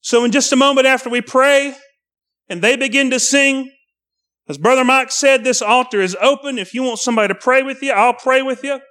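A man's voice: very high voice, a little fast, bright, forceful tone, no room sound. A young man preaching a sermon to a congregation, earnest and pleading, repeating his phrases as he calls people to the altar.

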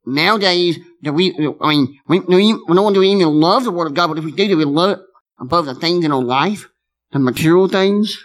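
A man's voice: fairly high pitch, brisk. A man preaching a sermon as pastor, emphatic, often repeating himself and restarting phrases.

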